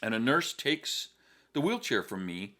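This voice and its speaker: Middle-aged male podcast co-host, explains in plain steps, restarts his words, average pitch. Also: very animated, sharp tone. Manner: explanatory, halting with repeated words. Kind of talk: casual storytelling chat.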